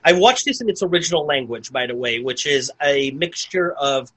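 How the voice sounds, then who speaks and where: A man's voice: a little high, animated, moderate pace, a bit bright, rough recording. A man co-hosting a podcast, recapping a film in casual chat, rambling with lots of "like" and restarts. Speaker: podcast co-host. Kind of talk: casual movie review chat.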